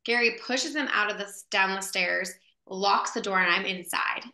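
A woman actress, a guest in an interview, telling a story in a casual, animated way with lots of fillers. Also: medium pitch, normal speed. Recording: echoey room.

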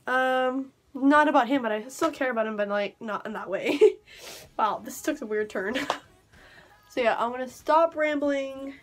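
A woman's voice: sits high, moderate pace, a little hiss or hum. A young woman vlogging casually to camera, rambling and giggling nervously as she talks. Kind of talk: casual vlog chat.

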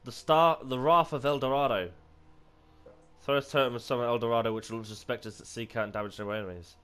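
A young British man giving casual commentary while playing a multiplayer game, excitable and swearing freely. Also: medium pitch, fairly quick, smooth. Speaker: gamer.

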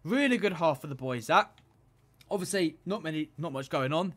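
Excitable high-voiced gamer. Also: male voice, normal speed. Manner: excitable, shouts at the referee. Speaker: gaming YouTuber. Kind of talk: live football game commentary.

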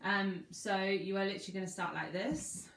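A woman's voice: medium pitch, fairly even intonation, normal speed, fairly bright tone, a little hiss or hum. A woman dance teacher talking through each move of a combination step by step and half-speaking the song lyrics. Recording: echoey room.

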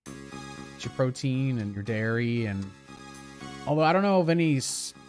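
A man's voice: mid-range voice, expressive, a little slow, over music. A man chatting casually with viewers during a game livestream, reacting to gameplay and reading chat aloud. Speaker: game streamer.

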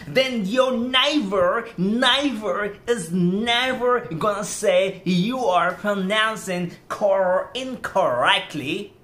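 A man hosting a podcast gives an emphatic, exhorting motivational lecture about speaking English correctly, repeating his points to drive them home. His voice is high-pitched, bright and forceful.

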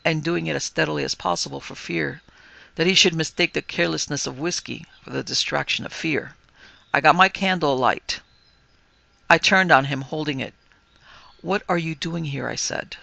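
A man who hosts a podcast, reading a ghost story aloud as dramatic narration with lively dialogue. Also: a little high, moderate pace, gravelly, no room sound. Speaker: podcast host and story reader. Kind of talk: scripted narration.

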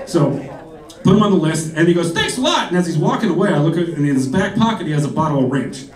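A man's voice: fairly high pitch, quick pace. A man doing a stand-up set, telling rambling stories with laughs and putting on voices for the people in them. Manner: rambling storytelling with frequent laughs and mimicked voices. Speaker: stand-up comedian. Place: comedy club stage. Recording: echoey club, mic heard from a distance, crowd laughter. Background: audience laughter.

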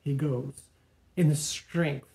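Pastor preaching in an echoey church. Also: male voice, a little high, steady tone, warm tone. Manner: dramatic retelling, pausing and restarting words. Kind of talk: sermon storytelling. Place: church sanctuary.

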